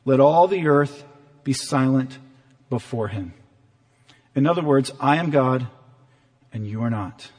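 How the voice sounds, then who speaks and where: A man preaching a sermon as pastor, earnest and animated, sometimes acting out the voices in the story. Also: medium pitch, a little slow, pauses often. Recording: long hall reverb.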